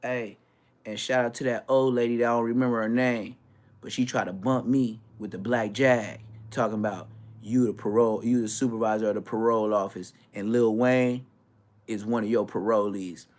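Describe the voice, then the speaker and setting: A man from Florida, a YouTuber, ranting casually with brash, profane talk and quick mimicry of other people. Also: lowish voice. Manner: animated, brash, swearing, mimics others' voices.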